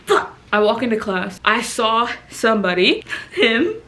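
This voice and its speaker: A woman's voice: on the high side, big pitch swings, measured pace, sharp tone. A young woman telling embarrassing stories to camera in a rambling way, swearing often, laughing through them and sounding sleepy. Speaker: vlogger. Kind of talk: casual storytelling to camera.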